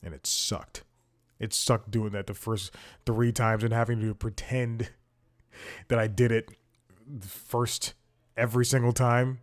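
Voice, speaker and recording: A man's voice: medium pitch, flat delivery, measured pace, pauses often. This is a man with a mid-range voice hosting a comedy podcast. He talks in a loose, rambling monologue. He mocks himself and drops in small chuckles as he goes. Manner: rambling, self-mocking, chuckles between sentences.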